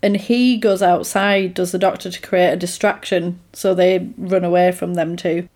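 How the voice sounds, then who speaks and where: A woman's voice: lowish voice, fairly even intonation, normal speed, a little mellow. A woman in casual chat, retelling film scenes in a chatty way and acting out the characters' lines. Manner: chatty, retells scenes with acted-out quotes and laughs.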